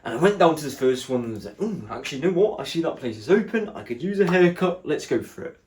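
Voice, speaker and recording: A man's voice: fairly high pitch, fast talker, slight background noise. A man doing stand-up, telling a story and acting out the people in it with shifting voices. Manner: animated, acts out other people's lines in shifting voices. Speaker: stand-up comedian.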